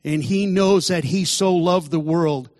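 A man's voice: fairly high pitch, unhurried, a little mellow, no echo, studio quality, big-room sound. A man telling his recovery testimony in an earnest storytelling way, sermon style. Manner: earnest storytelling, acts out quoted voices. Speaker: testimony speaker.

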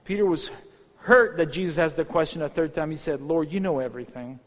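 A man's voice: a little high, a little fast, a bit bright. A man preaching a sermon as pastor, fervent and rising into exhortation. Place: church hall. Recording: long hall reverb with faint music.

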